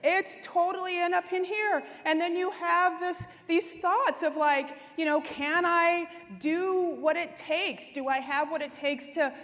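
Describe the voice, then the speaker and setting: High-voiced woman giving a keynote. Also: a little slow, hardly any pauses. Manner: conversational and expressive, with frequent "right?" and "like". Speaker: conference speaker. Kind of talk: conference keynote talk. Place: conference hall. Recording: long hall reverb.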